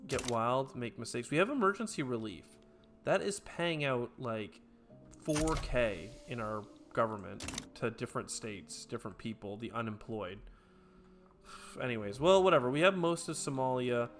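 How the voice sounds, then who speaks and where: A man commentating his own strategy game playthrough, bursting into excited trash talk and then dropping to quiet mutters. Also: medium pitch, normal speed, background noise. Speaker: let's play gamer. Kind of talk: gameplay commentary. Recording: clear game music behind voice. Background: game background music.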